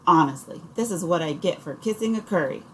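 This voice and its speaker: An exasperated, short-tempered mother from an audiobook, scolding her children, as a woman reads her. Her scolding is pitched up from a low, dark base. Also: expressive, fairly quick, slight background noise, close to an everyday voice.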